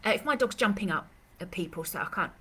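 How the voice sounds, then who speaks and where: A woman's voice: medium pitch, lively intonation, quick pace, sharp tone, breathy edge. A woman dog trainer answering questions in a live Q&A, chatty and rambling, with lots of fillers and restarts, speaking. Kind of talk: live Q&A session.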